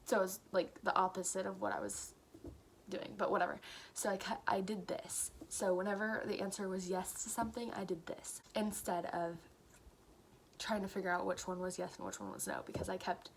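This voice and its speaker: A woman's voice: mid-range voice, fairly even intonation, moderate pace, a little hiss or hum. A woman in her late teens telling an earnest personal story as a vlogger, acting out quoted dialogue and dropping to a whisper at times.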